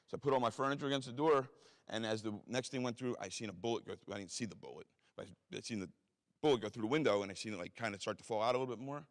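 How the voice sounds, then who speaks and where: Fast-talking, profane man telling a story. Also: on the low side. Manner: blunt, profane, self-mocking storyteller. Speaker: speaker telling his life story. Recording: reverberant hall.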